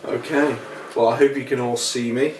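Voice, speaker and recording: A man with a cold-nasal, mid-range, darkish voice walks through a home winemaking how-to at normal speed with fairly even intonation. He chats casually with lots of ums and small restarts, filmed on a handheld camera without a tripod, with a little hiss or hum.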